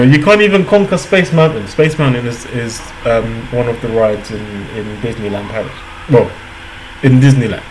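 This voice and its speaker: Excitable man reacting with laughter. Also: medium pitch, a little hiss or hum, rough recording. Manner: excitable, laughs a lot, repeats himself. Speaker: reaction video host. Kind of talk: casual reaction commentary.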